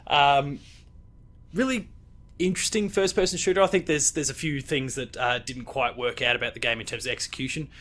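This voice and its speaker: Australian male host, bright forceful voice, meandering casual chat full of ums. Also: medium pitch. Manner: rambling, hesitant with many fillers. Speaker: podcast host.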